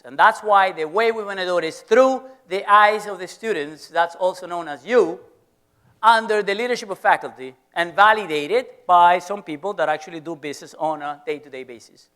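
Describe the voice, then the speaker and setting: A man's voice: high-pitched, normal speed, a bit bright. A middle-aged man with a Venezuelan Spanish accent, a business school professor giving a playful, teasing lecture to students in an auditorium.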